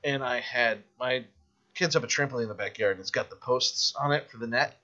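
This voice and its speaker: A man's voice: mid-range voice, fairly quick, bright, forceful tone. A man hosting a podcast, telling stories in a casual chat, acting out the voices and swearing freely. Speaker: podcast host. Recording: dull lo-fi podcast audio.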